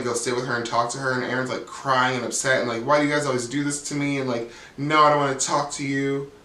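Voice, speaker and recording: A man's voice: medium pitch, a bit bright. Sassy profane man in echoey room. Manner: sassy, blunt, profane, frequent "like". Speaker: reality TV recap host. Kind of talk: casual commentary. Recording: echoey room, mic at a distance.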